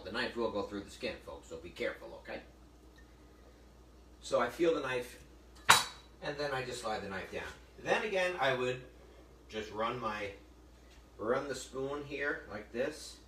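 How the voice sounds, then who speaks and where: A middle-aged man leads a relaxed cooking demonstration, joking with the audience and wandering into stories. His voice sounds set back from the mic in an echoey kitchen. A faint room hum sits underneath. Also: mid-range voice, normal speed, long pauses, distant mic. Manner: chatty storyteller, jokey asides to viewers. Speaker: cooking show host.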